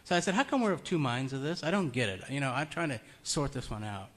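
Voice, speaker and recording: A man's voice: mid-range voice, expressive, fast, a bit bright. A man giving an informal, conversational sermon in a meeting room. He tells stories and chuckles often. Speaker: preacher.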